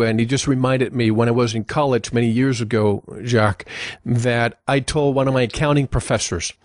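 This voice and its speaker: A man hosting an interview, polite and affirming, asking measured questions. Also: medium pitch, no room sound, studio quality. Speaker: interview host.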